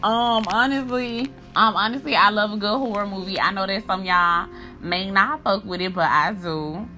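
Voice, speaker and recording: A woman with a bright, forceful voice hosts a podcast in a loose, animated way. She reviews a horror movie with profane slang and keeps breaking into laughter, and faint music plays behind her. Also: medium pitch, normal speed. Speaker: podcast host.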